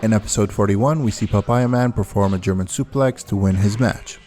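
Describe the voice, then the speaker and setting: A man giving a scripted video-essay narration as the host, counting down a list in a steady delivery over faint background music. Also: fairly low pitch, fairly quick. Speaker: anime and wrestling video host.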